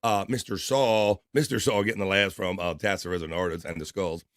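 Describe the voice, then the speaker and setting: A man hosting a live stream, casually reading viewer comments aloud and giving shout-outs while talking through his allergies. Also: low-pitched, steady tone, brisk, no echo, clean studio sound. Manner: casual, rambling, reads chat names aloud with shout-outs. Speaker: livestream show host.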